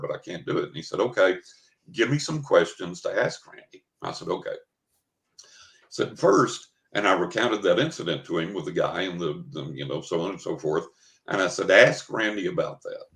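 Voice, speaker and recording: A man's voice: deep voice, a bit bright. An older man, a psychic guest in an interview, telling an anecdote casually and acting out the quoted dialogue. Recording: roomy echo.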